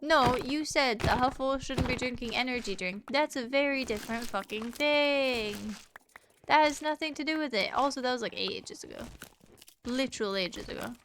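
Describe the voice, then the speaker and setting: A woman with a high-sitting voice streams a game live at a moderate pace over a noisy background. She chats casually with her viewers and her pet, teasing and swearing freely.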